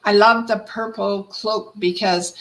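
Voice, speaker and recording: A woman hosting a live-stream card reading as a psychic medium, addressing viewers by name in a gentle, reassuring way. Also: medium pitch, fairly even intonation, takes it slowly, rough recording.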